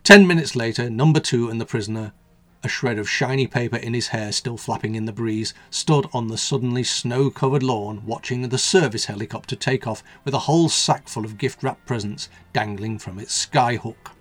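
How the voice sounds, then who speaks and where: Husky male storyteller. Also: mid-range voice, normal speed, a bit bright, dry recording. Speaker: radio host and storyteller. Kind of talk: storybook narration.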